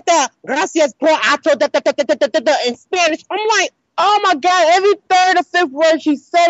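A young woman hosting a podcast, telling a rambling, animated story about her college day and swearing freely. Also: high voice, no room sound. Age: young adult. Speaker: podcast host. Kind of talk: casual storytelling monologue. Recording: dull lo-fi dry sound.

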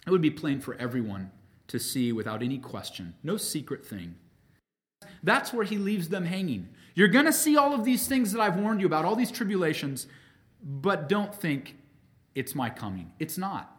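A man preaching a sermon as pastor, emphatic, swinging between loud peaks and quiet drops, calling his listeners friends. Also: on the high side, big pitch swings, moderate pace. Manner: addresses the congregation as friends.

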